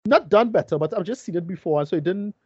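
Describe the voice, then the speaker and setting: A man co-hosting a film review podcast, talking in halting runs with many restarts. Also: sits high, animated, darkish tone, husky, no echo, lo-fi sound. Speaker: podcast co-host. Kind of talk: casual film review chat.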